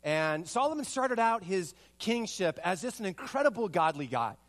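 Male pastor with a high voice for his sex, animated storyteller who leans on repeated rhetorical questions. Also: moderate pace. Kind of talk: sermon with personal story.

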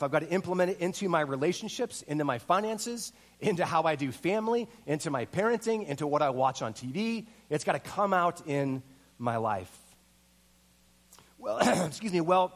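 A middle-aged man preaching a sermon, telling a lively personal story and acting out the voices in it. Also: fairly high pitch. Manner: animated storyteller, acts out voices and quotes. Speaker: pastor.

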